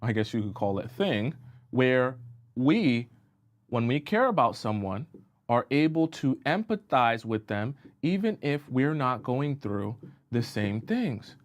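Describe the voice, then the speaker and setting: A man's voice: mid-range voice, big pitch swings, measured pace. A man speaking as a relationship coach, in the easy flow of an advice live stream. He works through his point with examples and keeps stopping to ask whether listeners are following him. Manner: keeps checking in with listeners, asking if they follow.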